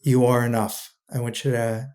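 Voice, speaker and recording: A man's voice: medium pitch, level tone, moderate pace, a little mellow. A man, a guest on a podcast, talking earnestly and often repeating words as he gathers his thoughts. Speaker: podcast guest, two-time founder. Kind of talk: casual interview chat.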